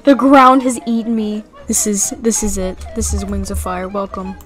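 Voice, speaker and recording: A woman giving playful, excitable let's-play commentary as she plays, often breaking into shrieks and giggles. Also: medium pitch, normal speed, faint music behind, rough recording. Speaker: gaming YouTuber.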